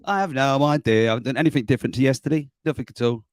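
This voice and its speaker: A man's voice: mid-range voice, rapid-fire, no room sound, clean studio sound. A middle-aged man hosting a casual livestream from home, rambling, chuckling often and greeting chat viewers by name. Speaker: livestream host. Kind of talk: casual live-stream chat. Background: faint background music.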